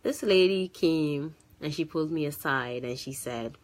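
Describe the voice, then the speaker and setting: A woman with a low voice tells a personal testimony from her church life. She talks casually and animatedly, restarting sentences and filling pauses as she goes. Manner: animated storytelling with many restarts and fillers. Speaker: church choir member sharing a testimony.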